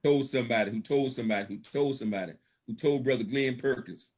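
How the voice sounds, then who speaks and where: Fast and darkish in tone at a medium pitch, a guest speaker at a business opportunity event tells motivational stories. Frequent laughter and folksy, preacher-style shouts of praise mark his talk.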